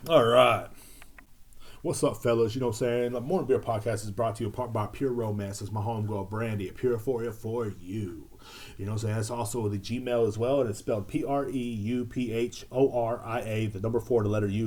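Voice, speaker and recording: A man's voice: fairly low pitch, steady tone, brisk, warm tone. A man hosting a podcast, reading a sponsor message in a laid-back, slangy, profane way. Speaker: podcast host. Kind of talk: casual sponsor read.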